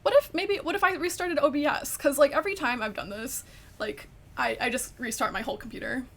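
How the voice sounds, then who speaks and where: A woman's voice: sits high, brisk, gravelly, fairly bright tone. A woman streaming a game, chatting casually and swearing in frustration at her crashing computer.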